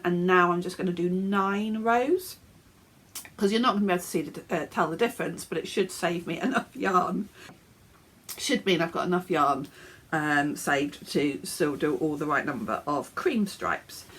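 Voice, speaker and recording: A woman's voice: on the low side, measured pace, a bit bright. An English woman hosting a knitting podcast, sounding a bit snuffly and chatting casually from her home office with fillers and small laughs. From England. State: snuffly, coughing. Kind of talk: casual show-and-tell chat.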